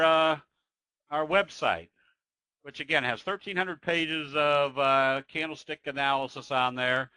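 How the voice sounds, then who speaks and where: A man's voice: on the high side, a little slow, bright, forceful tone, clear, resonant tone, no room sound, rough recording. A man teaching trading in a webinar, talking through charts in a folksy, conversational way with frequent "uh" fillers. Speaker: trading educator.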